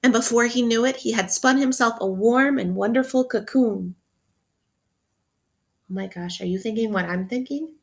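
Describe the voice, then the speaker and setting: A woman teacher reading a picture book aloud to children, expressively, pausing to ask them questions. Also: a little high, creaky. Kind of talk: interactive read-aloud for children.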